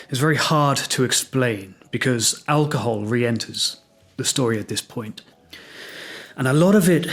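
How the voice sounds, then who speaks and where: Wry English man telling his story. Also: mid-range voice. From England. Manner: reflective, wry, self-deprecating. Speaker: podcast host. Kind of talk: solo podcast storytelling.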